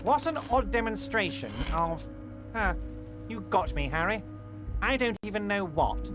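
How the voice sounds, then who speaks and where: Man voicing a smug, ingratiating big shot; high and sing-song, faint game score behind. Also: expressive, measured pace, over music. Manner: ingratiating, mock-concerned. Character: smug, fawning, powerful middle-aged man.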